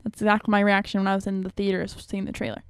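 A woman's voice: mid-range voice, monotone, rapid-fire, smooth, no echo, clean studio sound. A young woman hosting a radio show, talking in a rambling, chatty, self-mocking way. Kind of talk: casual chat.

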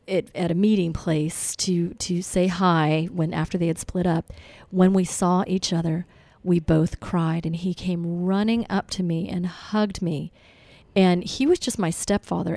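A woman's voice: fairly low pitch, darkish tone, no room sound. Reflective woman hosting a casual chat. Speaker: host. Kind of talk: casual conversation.

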